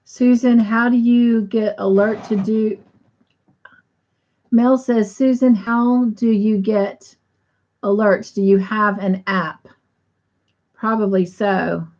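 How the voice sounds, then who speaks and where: A woman's voice: medium pitch, fairly even intonation, slow, long pauses, darkish tone. A woman hosting a casual livestream, reading viewer comments aloud and leading a short prayer. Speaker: livestream host. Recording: dull lo-fi stream audio.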